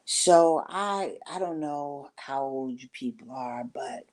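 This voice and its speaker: Low-voiced woman telling a rambling story. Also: slow pace, darkish tone. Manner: rambling, conversational, acts out quoted talk. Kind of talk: casual storytelling to camera.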